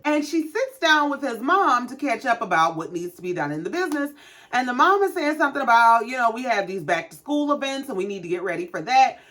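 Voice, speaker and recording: Sassy, animated woman recapping reality TV. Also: on the high side. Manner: sassy, animated, profane commentary. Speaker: recap show host.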